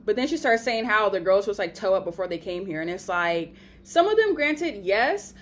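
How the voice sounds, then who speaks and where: A young woman giving a blunt, profane, animated recap of a reality show reunion. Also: medium pitch, fairly quick, hardly any pauses. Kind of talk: casual recap commentary.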